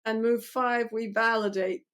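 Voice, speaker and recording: An older woman therapist explaining her methods in an interview, animated, acting out lines of dialogue between client and therapist. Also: a little high, unhurried.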